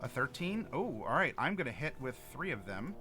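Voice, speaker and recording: A man's voice: medium pitch, sing-song, a little fast, music in the background. A young man running a tabletop game as game master, playful and laughing often.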